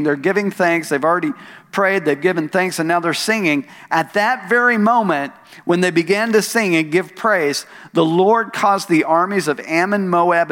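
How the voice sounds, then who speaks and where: A man pastor preaching a sermon, telling a story with rising emphasis on key lines and soft asides. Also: high voice. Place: church sanctuary. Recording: long hall reverb.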